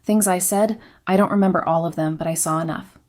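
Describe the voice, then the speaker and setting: A woman's voice: fairly low pitch, steady tone, fairly quick, darkish tone. Woman narrating a confession in a subdued voice. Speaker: story narrator. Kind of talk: scripted first-person confessional narration.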